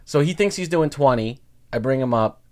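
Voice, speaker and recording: A man's voice: medium pitch, normal speed. A man co-hosting a comedy podcast, casually telling stories and acting out the people in them. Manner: animated storyteller, acts out quotes. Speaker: podcast co-host, stand-up comedian. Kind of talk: casual chat.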